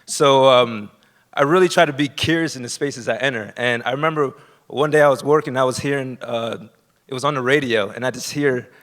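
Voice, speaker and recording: A man from Florida telling a true personal story on a theater stage, nervous and halting with many fillers. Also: mid-range voice, fairly bright tone. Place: theater stage before a live audience.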